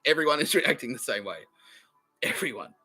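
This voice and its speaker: A man hosting a comedy podcast, ranting and swearing, often breaking into high-pitched giggles mid-sentence. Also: expressive, fairly quick, pushed and bright, husky, faint music behind, low-quality recording. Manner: swearing, laughing through his words, bursts of high-pitched giggling. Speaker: podcast host. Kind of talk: rambling comedic rant.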